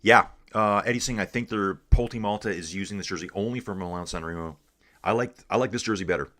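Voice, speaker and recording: A man's voice: fairly low pitch, fast talker, fairly bright tone. A man from Canada hosting a casual live cycling stream, reading viewer comments aloud and chatting in a laid-back way, calling everyone dude.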